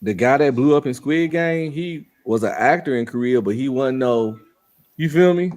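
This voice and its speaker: A man co-hosting a podcast in casual chat, slangy and opinionated, quick to agree. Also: medium pitch, darkish tone. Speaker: podcast co-host.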